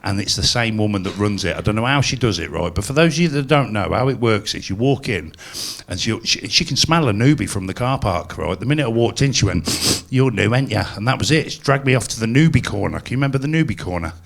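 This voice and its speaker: A man works a live crowd, swinging between chatty asides and loud punchlines. His voice sits low with a gravelly edge, and he pokes fun at himself throughout his stand-up set. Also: animated, quick pace, few pauses. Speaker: stand-up comedian. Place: live comedy venue.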